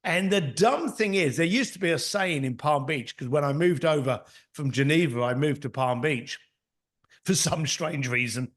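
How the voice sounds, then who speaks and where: A man's voice: on the high side, expressive, normal speed. A middle-aged man, an author and mentor, speaking as a podcast guest. He talks bluntly in anecdotes and acts out what other people said. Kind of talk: conversational storytelling.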